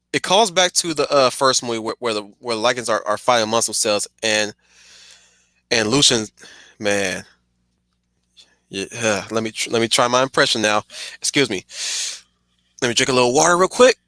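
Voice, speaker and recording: A man's voice: medium pitch, sharp tone, no echo. A man streaming a casual, rambling film commentary, stuttering and restarting his sentences often.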